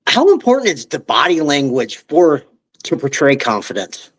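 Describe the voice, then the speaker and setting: A man's voice: a little high, big pitch swings, moderate pace. A man hosting an interview, asking questions in a friendly way and laughing along. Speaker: podcast host, interviewer.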